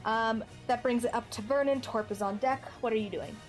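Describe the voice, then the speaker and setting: A woman's voice: a little high, brisk, faint music behind. A woman narrating as game master of a tabletop game, hesitant and full of fillers.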